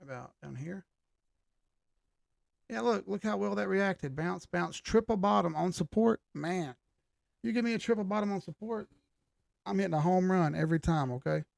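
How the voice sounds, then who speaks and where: A gravelly man hosts a casual live chart stream, his voice strained and starting to crack. He talks loosely and jokes as he reads chat, pitched a bit high for a man. The sound is dry and close. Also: moderate pace, pauses often, a little mellow, dry recording. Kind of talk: casual livestream chart talk.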